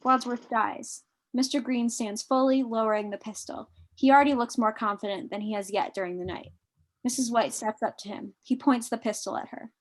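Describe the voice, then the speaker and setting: A woman's voice: on the high side, steady tone, normal speed. Woman narrating stage directions. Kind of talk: reading stage directions in a live online script reading.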